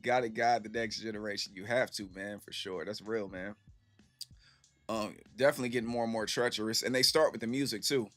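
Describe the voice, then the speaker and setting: A man's voice: lowish voice, steady tone, a little fast, a bit bright, faint music behind. A man in his thirties streaming and answering his chat in a rambling, slangy storytelling way full of fillers. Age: 30s. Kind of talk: casual livestream chat.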